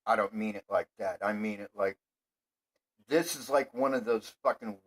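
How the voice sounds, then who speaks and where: A man's voice: lowish voice, normal speed, low-quality recording. Foul-mouthed man on a rambling rant. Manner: swearing constantly, rambling, flares into shouting. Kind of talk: profane ranting monologue.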